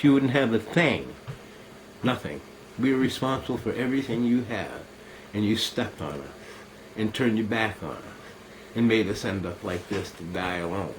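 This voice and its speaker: A man's voice: mid-range voice, rough recording. An older man, a veteran, talks straight into a camera mic at home, bitter and accusing. He curses his listeners outright in a middling voice. A faint hiss sits under the recording. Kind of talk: angry monologue to camera.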